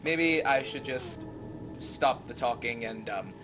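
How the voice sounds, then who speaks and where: A man's voice: mid-range voice, slow pace, music in the background, lightly acted. A man voicing a sly male owl-man villain in a white suit, with a smug put-on accent, during a tabletop game.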